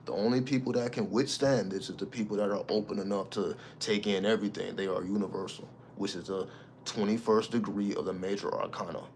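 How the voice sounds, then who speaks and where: A man with a low-pitched voice holds forth as the host of his channel in an unscripted monologue. He talks with heavy emphasis, swears often and explains his ideas like a preacher. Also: steady tone, a little fast, darkish tone, slight background noise. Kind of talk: casual spiritual monologue.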